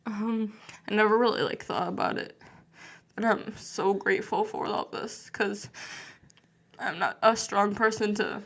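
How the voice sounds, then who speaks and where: A woman's voice: medium pitch, steady tone, a little slow, creaky, fairly bright tone. A young woman being interviewed on a podcast, talking nervously and hesitantly with many fillers. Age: young adult. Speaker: guest.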